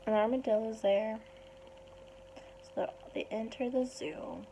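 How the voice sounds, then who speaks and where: A woman retelling a picture book story aloud in a chatty, animated way. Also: on the high side, slow, a little hiss or hum, low-quality recording. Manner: chatty, animated, puts on small voices for the animals.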